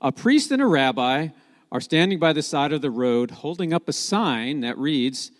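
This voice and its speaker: Lively preaching man in a reverberant hall. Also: a little high, moderate pace. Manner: conversational, joking asides, emphatic. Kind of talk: sermon.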